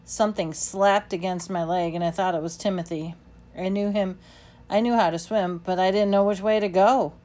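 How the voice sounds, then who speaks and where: A woman's voice: medium pitch, normal speed. Woman reading a novel aloud. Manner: plain, steady reading with small slips. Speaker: reader.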